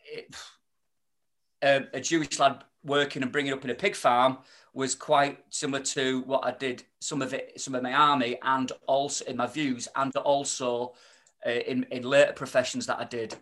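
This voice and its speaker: A man's voice: mid-range voice, little pitch movement, normal speed, a bit bright. A man, chatting as a podcast guest, rambling with many restarts and fillers. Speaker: podcast guest, spoken-word performer. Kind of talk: casual podcast chat.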